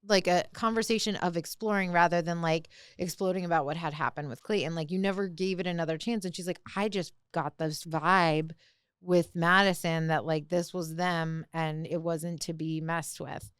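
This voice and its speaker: A woman's voice: on the low side, moderate pace, smooth, no echo, clean studio sound. A young woman co-hosting a podcast, recapping a show in casual chat and leaning hard on "like". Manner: animated recapping, heavy use of "like". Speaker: podcast co-host.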